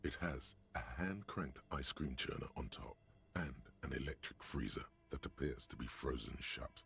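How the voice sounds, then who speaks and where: An actor narrating a detective's inner mind in a game, in a dramatic, ominous way with a gravelly voice. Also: male voice, very deep voice, normal speed, fairly bright tone, heavily acted.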